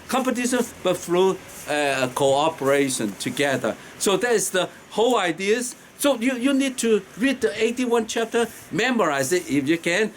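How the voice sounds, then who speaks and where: Chuckling teacher with a strong accent. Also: male voice, high voice, fairly bright tone, slight background noise. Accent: strong non-native accent. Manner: hesitant with many fillers, chuckles often. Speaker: teacher explaining Tao Te Ching. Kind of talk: informal lecture.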